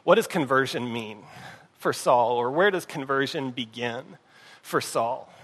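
A man preaching a sermon in a conversational way, often dropping to a hushed voice and asking the congregation if they are following. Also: medium pitch. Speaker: pastor. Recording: long hall reverb.

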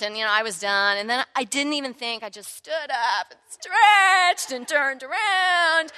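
A woman in her thirties telling a personal faith story in an animated, candid way. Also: a little high, smooth. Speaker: church member sharing a testimony.

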